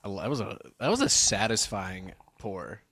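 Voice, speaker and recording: A man's voice: lowish voice, expressive, normal speed, a bit bright, slightly rough. A man co-hosting a podcast in casual chat, often hesitating with filler sounds. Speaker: podcast co-host.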